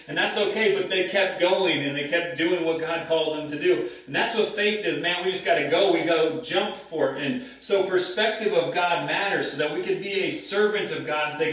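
A man's voice: a little high, normal speed, hardly any pauses, a bit bright. A man in his thirties preaching a sermon in a conversational way, often repeating key phrases for emphasis. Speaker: pastor. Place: church hall. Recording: very echoey room, mic at a distance.

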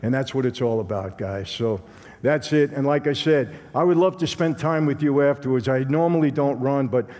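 In a medium-pitched, darkish voice at a moderate pace, a Brooklyn-accented man from Brooklyn, New York, speaks as a guest preacher. His testimony sermon is conversational and streetwise, with acted-out dialogue, and the recording has long hall reverb.

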